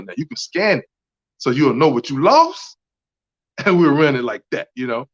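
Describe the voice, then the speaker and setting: A man's voice: mid-range voice, very animated, a little fast. Emphatic man, lo-fi audio. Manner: emphatic, repetitive, keeps asking "right?". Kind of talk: impassioned casual talk. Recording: dull lo-fi audio.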